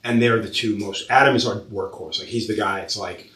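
A man who owns a tattoo shop, hosting a casual podcast chat and telling lively stories full of swearing. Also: fairly low pitch, brisk. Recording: roomy sound, far from mic.

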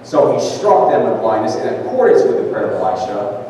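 A man preaching a conversational sermon, reading scripture slowly. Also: on the low side, sing-song, warm tone, slight background noise. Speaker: pastor. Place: large church sanctuary. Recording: echoey church hall from far off.

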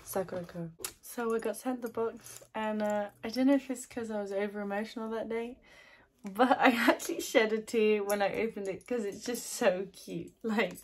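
Brief: bubbly woman taste-testing at home, laughs easily and gushes, faint hiss behind her. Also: medium pitch. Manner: bubbly, giggly and gushing, often laughing. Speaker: snack taster and ASMR creator. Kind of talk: casual chat tasting snacks. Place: her new house, indoors. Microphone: not her usual ASMR mic.

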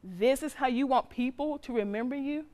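A firm, loving mother lays down the law to her teenage son, played by a woman. Her voice sits a bit high and her speech is plain and colloquial. She moves between scolding and pleading in a dramatic scene. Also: moderate pace, darkish tone, close to an everyday voice. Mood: stern scolding. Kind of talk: drama acting.

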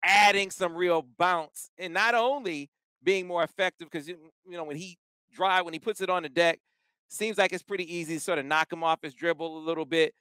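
A man co-hosting a sports podcast, chatting casually and telling stories with animated emphasis. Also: high voice, fairly quick, smooth, no echo, clean studio sound. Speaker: podcast co-host.

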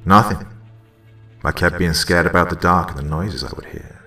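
A man voicing a calm, gentle father soothing his son in a horror story reading. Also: low voice, moderate pace, roomy sound, distant mic, soft background music. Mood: reassuring. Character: calm reassuring young father.

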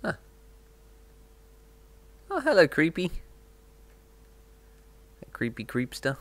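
A man giving relaxed, playful commentary on his own gameplay, chatting to himself as he goes. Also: a little high, slow pace, pauses often, dry recording. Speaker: gaming video host.

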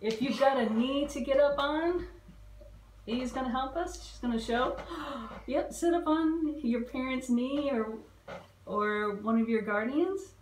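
Woman librarian, storytime reading for kids, slow unhurried delivery, roomy echo. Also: sits high, a little hiss or hum. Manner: expressive, asks the children questions. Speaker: children's librarian. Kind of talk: reading a picture book aloud to children.

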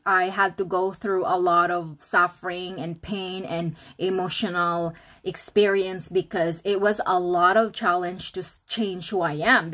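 A woman's voice: on the low side, a bit bright. A woman with a Filipino first language, speaking in English as a vlogger. She tells her life story in an earnest, repetitive way and acts out past conversations in quoted dialogue. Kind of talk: personal monologue to camera.

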